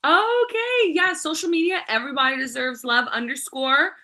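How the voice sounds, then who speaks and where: A woman with a high, bright and forceful voice speaks as a guest on a podcast. She sounds upbeat and eager, and she hurries through addresses and contact details. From Southern California. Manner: upbeat, eager, talks quickly when giving contact details. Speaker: podcast guest, nonprofit founder. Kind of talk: casual interview chat.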